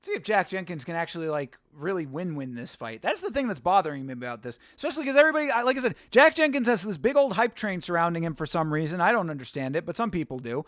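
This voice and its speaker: Chatty young man, fairly high voice. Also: sing-song, fast talker, few pauses, fairly bright tone, no room sound, clean studio sound. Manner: chatty, reacting to chat, swears casually. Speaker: livestream host. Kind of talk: casual fight watch-along commentary.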